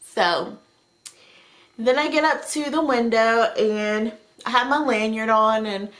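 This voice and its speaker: A young adult woman vlogger telling a story in a casual, animated, chatty way. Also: a little high, takes it slowly. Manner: animated, chatty retelling with frequent "like".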